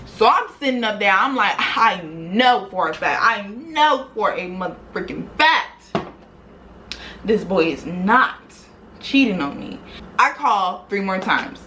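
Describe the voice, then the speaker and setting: Animated young woman telling a story. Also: medium pitch, slow, a little hiss or hum, poor audio. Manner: animated, slangy retelling with lots of quoted dialogue. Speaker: vlogger. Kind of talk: casual storytime.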